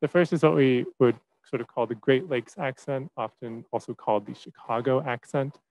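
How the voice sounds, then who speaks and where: A young man serving as a teaching fellow presents to a class in a relaxed way, with many fillers and restarts. His voice is mid-range and his pace moderate, captured in a rough recording.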